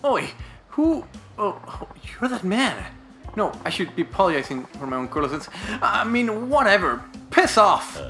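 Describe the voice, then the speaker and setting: A man's voice: high voice, sing-song, normal speed, pushed and bright, pitched above the performer's own voice, full character voice. A man voicing a jumpy punk band singer who flips between cowering squeals and tough-guy bluster. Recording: roomy echo, faint game music.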